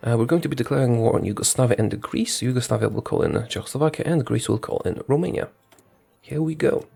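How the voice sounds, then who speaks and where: A man's voice: mid-range voice, fast talker, creaky, mellow, slightly rough, faint music behind. A man giving casual commentary on his strategy game, thinking aloud, talking to his units and correcting himself as he goes.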